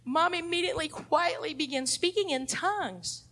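A middle-aged woman leads an adult Sunday school class, preaching with fervor. Her voice sits high and rings brightly. She moves between emphatic declarations and near-hushed passages. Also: normal speed.

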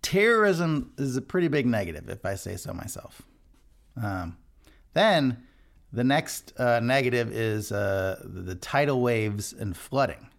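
Hosting a devotional podcast, this worship leader has a medium-pitched voice with vocal fry, very animated yet measured in pace. He speaks in an earnest, conversational way and keeps restarting his sentences.

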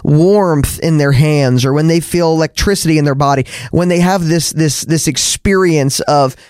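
An earnest male podcast host in casual conversation, his voice sitting on the higher side. He often doubles back on his words. The sound is dry and close, with no room around it. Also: moderate pace, darkish tone, dry recording.

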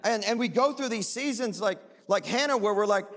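High-voiced man preaching in a reverberant hall. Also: fairly quick. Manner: animated, rising into impassioned pleading. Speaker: pastor. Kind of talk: sermon. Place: large church hall.

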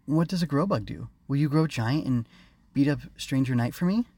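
A man voicing a proud, bossy young girl ruler in a high, bright put-on child voice, for an audiobook. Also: lively intonation, moderate pace, no echo. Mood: pleading. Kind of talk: audiobook character reading.

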